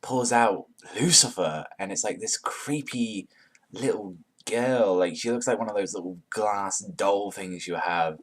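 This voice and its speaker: A man reviewing a manga chapter in an excited, casual way, swearing often and filling his talk with "like". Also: lowish voice, unhurried. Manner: profane, hyped, heavy use of "like".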